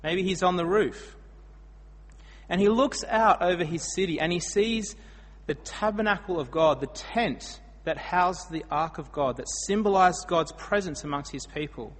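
A husky-voiced Australian preacher, pitched a little high, tells stories in a sermon at a slightly slow pace. His volume shifts dramatically from loud, emphatic bursts to quiet asides, echoing at length through the hall.

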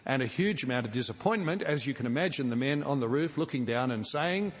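A man preaching a sermon, earnest and deliberate, slowing down for emphasis and acting out imagined scenes. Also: medium pitch. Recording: long hall reverb.

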